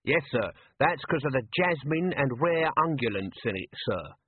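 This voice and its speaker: A man's voice: mid-range voice, animated, moderate pace, breathy edge, dry recording, pitched above the performer's own voice. A man reading an audiobook voices a scruffy, cheeky male corporal with a chirpy manner. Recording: tinny phone-like line, dry.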